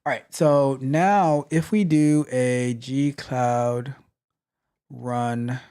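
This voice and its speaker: A man coaching on tech during a live coding walkthrough, thinking aloud with halting restarts and trailing off. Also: mid-range voice, steady tone, dark tone, clear, resonant tone.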